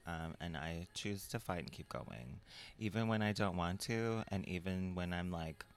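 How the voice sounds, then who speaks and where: A man's voice: low-pitched, normal speed, smooth. A young man, a podcast guest, chatting casually and telling a personal story with filler words. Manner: relaxed storytelling, mimics voices in quotes. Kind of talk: casual chat.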